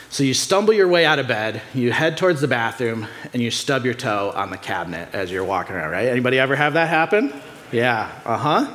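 Male pastor, casual conversational sermon, animated storyteller who checks in with the room. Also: fairly quick. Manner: conversational, jokes with congregation, asks rhetorical questions; animated storytelling with pitch swings.

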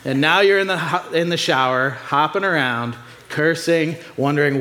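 Animated man preaching a sermon. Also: normal speed. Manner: conversational, jokes with congregation, asks rhetorical questions; animated storytelling with pitch swings. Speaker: pastor.

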